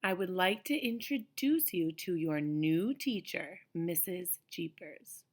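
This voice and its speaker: A formal, bald, middle-aged school principal, as a woman reads his lines. He makes announcements slowly, in a low voice with a gravelly edge. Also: expressive, heavily acted.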